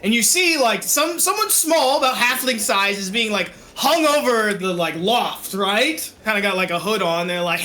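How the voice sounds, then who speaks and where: A man narrating a tabletop game as game master, playful and animated. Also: high voice, normal speed, hardly any pauses.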